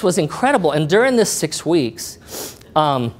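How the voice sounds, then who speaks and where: A middle-aged man with a slightly higher voice tells a personal story to a live audience. His delivery is animated, and he acts out each person in the story with a voice of their own. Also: unhurried. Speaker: speaker sharing a testimony.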